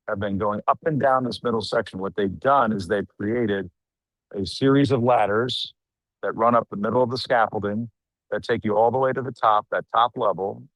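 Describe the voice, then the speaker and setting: Middle-aged guy doing a live stand-up report outside late at night, lowish voice, dry close sound, chatty and wry. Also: no room sound, rough recording. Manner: conversational, wry asides, frequent fillers. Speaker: news show host reporting live. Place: outdoors at night among a crowd.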